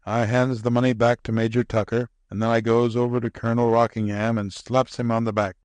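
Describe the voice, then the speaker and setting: A man narrating a classic short story in a measured, unhurried reading voice. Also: mid-range voice, little pitch movement, darkish tone, clean tone, dry recording. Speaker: audiobook narrator.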